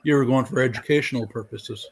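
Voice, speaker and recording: Joking male co-host from Canada, casual, quick to laugh, mid-pitched voice. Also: a crowd in the background. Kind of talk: casual chat.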